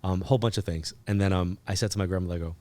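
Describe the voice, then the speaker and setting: A man, a guest on an interview podcast, telling a personal story in a chatty, animated way, full of fillers and acted-out dialogue. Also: sits low, very fast. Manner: animated, acts out remembered dialogue. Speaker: podcast guest, psychic medium.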